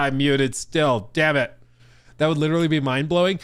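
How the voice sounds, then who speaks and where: Animated, incredulous male streamer. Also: medium pitch, a little fast, smooth, dry recording. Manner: animated and incredulous, laughs often, says "dude". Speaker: streamer reacting to videos. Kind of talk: casual live-stream commentary.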